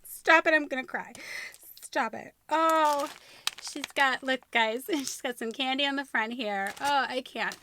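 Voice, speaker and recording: A young woman vlogging at home, unboxing gifts from a friend in a gushing, excitable way, with squeals and gasps. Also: high-pitched, measured pace, a little hiss or hum. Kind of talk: casual vlog unboxing.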